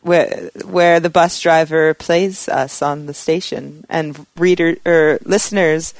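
A man's voice: a little high, fairly even intonation, takes it slowly, no echo. A man on a podcast panel who jokes and teases. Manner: joking, teasing. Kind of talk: casual panel chat.

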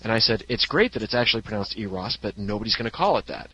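A man's voice: on the low side, lively intonation, very fast, bright, forceful tone, husky, no room sound. Astronomer guy explaining stuff, likes puns, dry close sound, kinda dull lo-fi recording. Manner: chatty, explanatory, enjoys puns. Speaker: astronomer guest. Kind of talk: casual podcast chat.

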